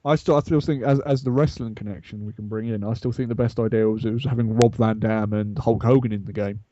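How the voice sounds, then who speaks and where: A man appearing as a guest in a casual gaming chat, talking in a relaxed, easygoing way. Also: lowish voice, fast talker, dry recording. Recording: dry, dull lo-fi recording.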